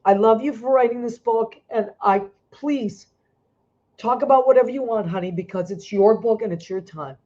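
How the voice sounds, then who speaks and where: A woman's voice: on the high side, normal speed, dark tone. A woman hosting a talk show over a video call, emotional and effusive, restarting her sentences as she speaks. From Italian-American. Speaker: host. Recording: dull lo-fi video call audio.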